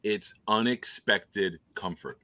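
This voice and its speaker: A man with a very low, bright-edged voice hosts a casual chat. He rambles through stories and breaks into laughter easily. The sound is close and dry. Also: slow pace, no room sound. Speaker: host.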